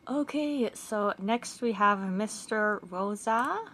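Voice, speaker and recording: A woman's voice: medium pitch, takes it slowly, fairly bright tone. A woman hosting a casual game walkthrough, chatty and often giggling as she talks. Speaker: gaming channel host.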